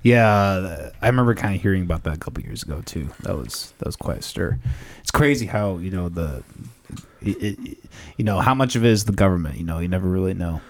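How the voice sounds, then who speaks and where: A young man hosting a podcast, asking relaxed questions full of "like" and "you know". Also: deep voice, a little fast. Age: young adult. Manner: relaxed, filler-heavy questions. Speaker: podcast host. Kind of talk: casual interview chat.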